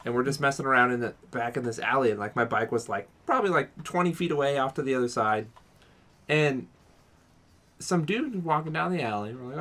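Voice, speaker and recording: A young man telling a long story on a podcast, rambling with restarts and acting out what others said. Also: a little fast. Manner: animated, acts out quotes in a higher voice; rambling with many restarts and fillers. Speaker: podcast co-host. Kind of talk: casual storytelling.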